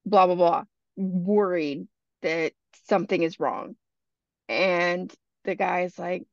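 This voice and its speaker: A woman's voice: fairly low pitch, fairly even intonation, unhurried, creaky, dry recording. A woman hosting a podcast and telling a creepy story in a chatty, casual way, full of "you know" asides. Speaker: podcast host. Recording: dull lo-fi dry podcast recording.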